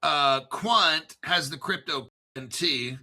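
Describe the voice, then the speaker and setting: A man with a gravelly voice chats casually with his audience. His talk is full of swearing and lively storytelling. His tone is sharp and bright and sits a little high for a man. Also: takes it slowly. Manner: profane, animated storytelling. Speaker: crypto channel host. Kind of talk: casual livestream chat.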